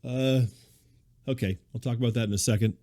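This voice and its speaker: A man's voice: mid-range voice, brisk, warm tone. A man hosting a podcast, delivering a scripted comedic monologue full of wry, incredulous digressions. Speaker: podcast host.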